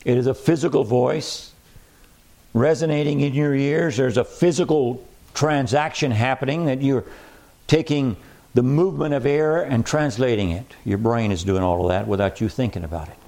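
Preacher, male, mellow tone, emphatic sermon delivery, slows for scripture. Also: medium pitch. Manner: emphatic, repeats key phrases, slows on scripture.

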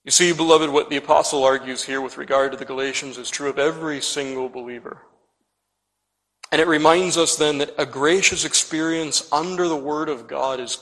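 A man preaching a sermon with pointed emphasis, swelling on key phrases and dropping to quiet endings. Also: a little high, long reverb tail, low-quality recording. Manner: pointed, rising and falling emphasis, trailing off to quiet ends.

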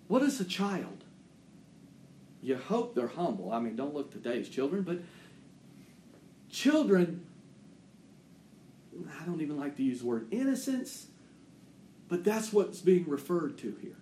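High-voiced preacher in an echoey church. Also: male voice, big pitch swings, a little slow, pauses often, dark tone, a little hiss or hum. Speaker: pastor. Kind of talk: sermon.

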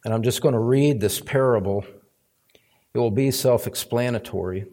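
A man's voice: medium pitch, normal speed, warm tone. A male pastor preaching a sermon, emphatic, climbing to stressed points and repeating words for weight. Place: church sanctuary.

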